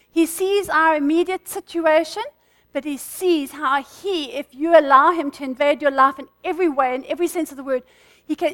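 A woman teaching a church group in an informal, fast-talking sermon, chatting with the listeners and laughing between points. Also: sits high. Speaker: church speaker.

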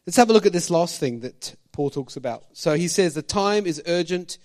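Lively high-voiced male preacher. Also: normal speed, few pauses. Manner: animated, asks the congregation questions, jokey asides. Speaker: pastor. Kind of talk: sermon.

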